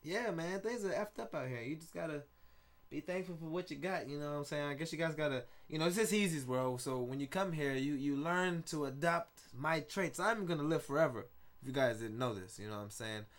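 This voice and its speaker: A man, hosting a casual solo podcast in a loose, rambling, excitable way, swearing often. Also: on the high side, fairly quick. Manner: rambling, loose and excitable, with frequent profanity and laughs. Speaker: podcast host.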